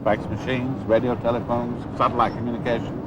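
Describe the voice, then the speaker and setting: An actor playing a chummy, boastful self-made racehorse owner in a TV drama. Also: male voice, mid-range voice, level tone, a little fast, muffled recording, heavy background noise, close to an everyday voice. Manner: brash, chummy, jokey. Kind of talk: 1990s TV drama acting.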